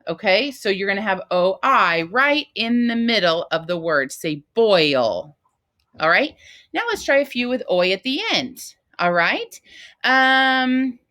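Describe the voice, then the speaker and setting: A woman teacher giving a phonics lesson to first graders, talking slowly and patiently in a sing-song teacher voice. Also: mid-range voice, fairly bright tone. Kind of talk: phonics lesson for young children.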